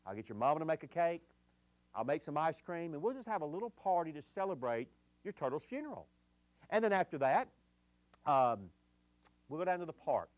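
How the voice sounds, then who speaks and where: A gentle, coaxing father, as a preacher puts him on talks softly and quietly. The sound is dry and close. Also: fairly high pitch, big pitch swings, brisk, long pauses, no room sound.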